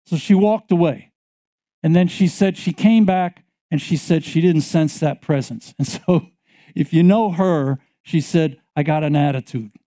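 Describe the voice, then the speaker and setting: A man's voice: on the high side, warm tone. A man preaching a sermon, retelling a story with many repetitions and building to emphatic passages. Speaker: pastor.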